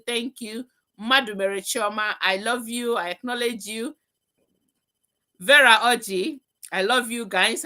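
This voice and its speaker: A woman leads a casual online coaching call, her tone bright and forward. She heaps endearments on each attendee, repeats her phrases, and swings between loud bursts and softer asides. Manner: effusive, greets attendees one by one with endearments; repeats phrases, pitch and loudness swing widely. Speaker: weight-loss coach hosting an online group. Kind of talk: casual live group call.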